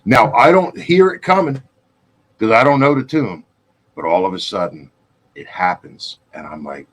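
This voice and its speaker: Husky lowish guy in his 50s rambling thru salty music biz stories on a podcast. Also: expressive, moderate pace, fairly bright tone. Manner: loose, profane, rambling anecdotes with acted-out quotes. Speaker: guitarist and podcast co-host. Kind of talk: casual storytelling chat.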